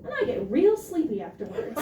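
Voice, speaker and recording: High-voiced woman doing stand-up in a club. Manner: deadpan, self-deprecating storytelling. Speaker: stand-up comedian. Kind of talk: stand-up comedy set. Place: comedy club stage. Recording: roomy club sound from a distance, with crowd noise.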